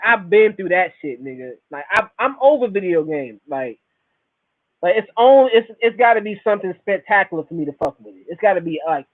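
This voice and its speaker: A man in his thirties delivers a loose, swearing monologue, repeating his points for emphasis. His voice sits high for a man and swings widely in pitch. The sound is thin and tinny, as if heard over a phone. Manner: animated, repetitive, profane storytelling. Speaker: podcast host. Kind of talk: casual monologue.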